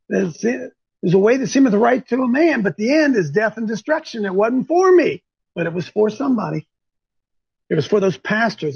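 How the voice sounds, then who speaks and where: A man with a high, husky, gravelly voice preaches to his listeners with fervor. He rises into sudden shouts and keeps clearing his throat. The sound is dull and lo-fi. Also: no echo. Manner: fervent, preachy, bursts into shouts. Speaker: host. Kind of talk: call-in preaching talk.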